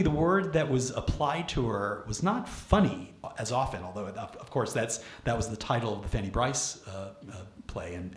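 A man from Brooklyn giving a public lecture, animated and full of restarts and questions to the audience. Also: medium pitch. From Brooklyn, New York. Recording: echoey lecture room.

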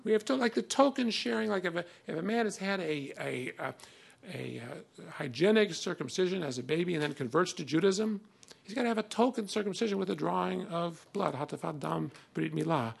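A man's voice: sits high, a little fast, creaky, slightly rough. A man giving a conversational classroom lecture on old texts, reading passages aloud with emphasis between many fillers.

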